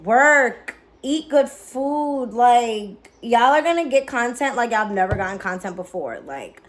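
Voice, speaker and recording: A woman's voice: on the high side, measured pace. Chatty young woman, candid and profane. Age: young adult. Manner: candid, profane, lots of "like" fillers; excited, chatty. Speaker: vlogger. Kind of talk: casual vlog chat.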